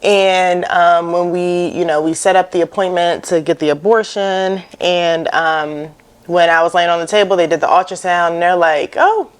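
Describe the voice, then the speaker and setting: A woman in her thirties sharing her personal story as a guest, reflective, with lots of "you know" and animated quotes of herself. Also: lowish voice, normal speed, clear, resonant tone.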